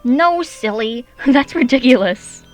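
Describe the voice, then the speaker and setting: A woman's voice: mid-range voice, huge pitch swings, normal speed, pushed and bright, long reverb tail, soft background music, exaggerated voice. Woman doing a playful old tomcat. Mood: gentle.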